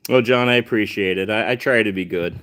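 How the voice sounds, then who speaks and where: A man's voice: lowish voice, fairly quick, a bit bright, smooth. Chatty man hosting a cat livestream. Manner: chatty, self-aware sarcastic humor, talks to his cats. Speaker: livestream host reading chat. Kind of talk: casual livestream chat.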